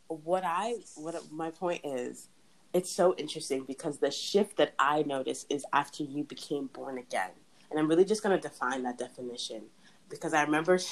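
A woman's voice: deep voice, poor audio. A young woman hosting a casual faith chat, talking in a chatty way with frequent laughs and restarts. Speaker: podcast host.

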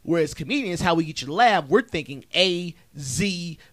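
A man with a slightly high voice holds forth in a loose, profane podcast chat. He circles around his point and leans on it for emphasis. The sound is dry and close, with no room around it. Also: expressive, moderate pace, a bit bright, no echo. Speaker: comedian podcast co-host.

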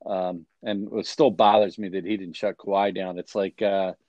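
A man's voice: low voice, level tone, darkish tone, no echo, dull audio. Rambling man with dry close sound. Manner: rambling, halting, many fillers. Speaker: podcast host. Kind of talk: casual chat.

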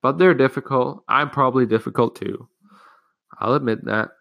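A man's voice: medium pitch, normal speed, vocal fry, fairly bright tone. A teenage man hosting a solo podcast, rambling frankly and casually with frequent swearing. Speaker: podcast host.

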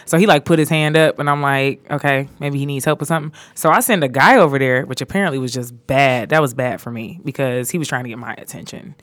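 A young woman co-hosting a casual podcast, telling work stories in an animated way, full of fillers. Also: a bass voice, fast talker, few pauses, no echo. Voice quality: animated storyteller, lots of fillers. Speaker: podcast co-host.

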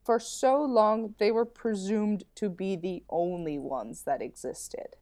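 A woman's voice: medium pitch, slow pace, warm tone. A young adult woman co-hosting a podcast, talking emphatically in casual chat and repeating phrases for effect. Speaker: podcast co-host.

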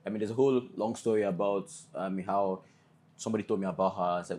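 Twenties male guest, low pitch, earnest, meandering anecdotes. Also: steady tone, fast talker, darkish tone. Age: 20s. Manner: earnest, rambling storyteller with many restarts. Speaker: podcast guest, businessman. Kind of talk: casual interview chat.

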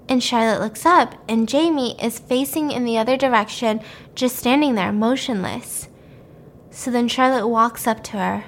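A young woman hosting a podcast, casually recapping a horror story in an animated, laughing, profane way. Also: a little high, normal speed. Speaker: podcast host.

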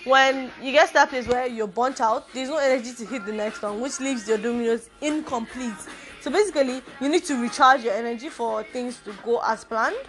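Young woman doing a solo podcast, chatty and loose, kinda high voice, faint music in the back. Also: brisk, a bit bright. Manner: chatty and informal, with playful asides. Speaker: podcast host. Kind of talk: casual solo podcast talk.

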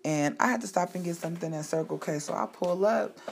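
A woman casually telling a personal story to her listeners, candid and profane, animated and emphatic. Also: on the low side, fast talker, vocal fry, slight background noise. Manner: speaks to listeners directly. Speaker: storyteller sharing personal life.

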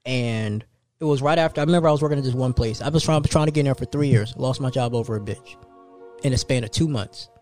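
A male podcast host telling a story in casual chat, animated and laughing, acting out the quotes. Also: medium pitch, fast, soft background music.

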